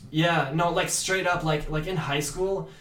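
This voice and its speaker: A man's voice: on the high side, steady tone, a little slow, a bit bright, far from the mic. Young man, roomy echo. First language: French. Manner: rambling, stammering restarts, frequent "like". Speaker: guest actor. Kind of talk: casual interview chat.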